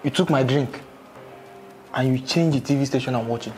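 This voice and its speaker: Impatient husband, played by a man, mid voice, soft music underneath. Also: mid-range voice, brisk, natural voice. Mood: stern. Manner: stern and impatient. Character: impatient husband and master of the house. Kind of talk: comedy skit.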